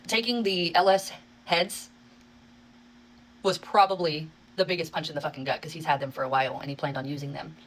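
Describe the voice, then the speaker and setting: Fast-talking woman, exasperated storytime. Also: low voice, steady tone, poor audio. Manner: rapid, profanity-laced, exasperated retelling. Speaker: social media creator. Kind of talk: casual storytime vlog.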